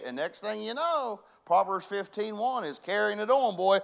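Man preaching, high-pitched voice, folksy, swings from hushed to loud. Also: very animated, moderate pace, hardly any pauses. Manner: folksy preaching, big swings from soft to shouting. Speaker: pastor. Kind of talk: sermon.

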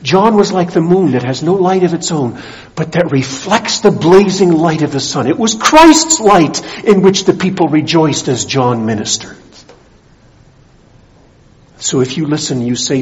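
A male pastor preaching a sermon, rising to strong emphasis and dropping low again. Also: normal speed, highs cut off.

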